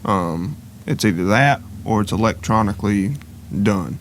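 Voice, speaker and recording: Hesitant young man, lower voice. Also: lively intonation, measured pace, a little hiss or hum. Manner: hesitant, full of fillers and restarts. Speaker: podcast co-host. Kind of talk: casual chat.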